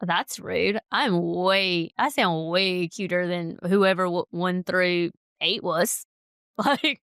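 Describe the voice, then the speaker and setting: A woman from Georgia with a Southern American accent, co-hosting a podcast in playful, casual chat with quick reactions. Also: on the low side, fairly bright tone, clear, resonant tone, no room sound, studio quality. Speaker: podcast co-host.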